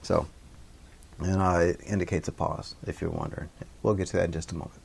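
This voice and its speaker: A low-voiced man gives a relaxed classroom lecture over a livestream. He rambles, restarts sentences and fills pauses often, speaking in an easygoing, conversational way. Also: gravelly, a crowd in the background. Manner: loose and rambling, many fillers and restarts. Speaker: instructor.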